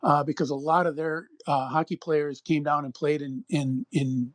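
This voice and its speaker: A man's voice: a little high, steady tone, normal speed, dry recording. A middle-aged man from Minnesota, co-hosting a podcast and telling a long, rambling personal story. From Minnesota, USA. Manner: rambling, acts out quoted voices. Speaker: podcast co-host. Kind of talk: casual anecdotal storytelling.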